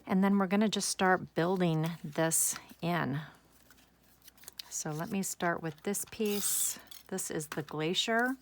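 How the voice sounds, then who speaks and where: A woman's voice: on the low side, slow, a little hiss or hum. A woman hosting a craft tutorial, chatting enthusiastically as she works step by step and talking to herself. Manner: chatty, enthusiastic, talks to herself while working. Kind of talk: casual step-by-step craft demonstration.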